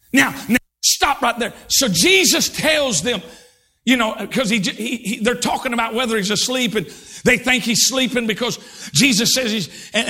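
A male pastor preaching a fervent sermon, swinging between shouted lines and hushed, drawn-out words. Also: very high-pitched. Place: church sanctuary.

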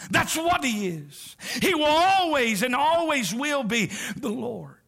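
A middle-aged man preaching a sermon as a visiting preacher, with whoops and shouts that drop to near whispers. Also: very high voice, very animated, slow, gravelly.

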